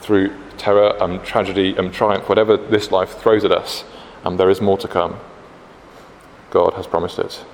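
A man's voice: low-pitched, level tone, moderate pace. A British man preaching a sermon in a conversational way, with frequent fillers and restarts. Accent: British English. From Britain. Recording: echoey hall, faint background noise.

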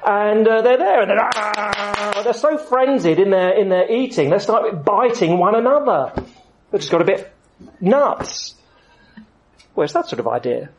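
A man preaching a sermon, with lively storytelling and rising emphasis. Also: sits high, normal speed, slight background noise, poor audio.

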